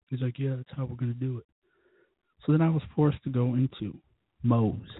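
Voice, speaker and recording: A man's voice: mid-range voice, steady tone, normal speed, long pauses, slightly rough, no room sound. A man hosting a casual podcast, rambling through a profane story while a bit drunk. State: tipsy from drinking. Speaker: podcast host. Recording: tinny phone-like recording.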